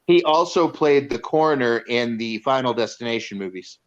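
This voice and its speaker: A man's voice: mid-range voice, expressive, normal speed. A man co-hosting a casual movie review, retelling scenes in a rambling way with many fillers and restarts. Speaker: podcast co-host reviewing a movie. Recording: dull lo-fi sound.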